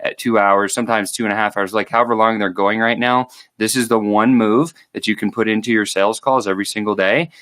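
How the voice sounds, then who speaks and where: A man's voice: on the low side, steady tone, fast, hardly any pauses, fairly bright tone, dry recording. A man giving sales training straight to camera, emphatic and motivational, acting out sample call lines along the way. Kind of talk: direct-to-camera sales coaching.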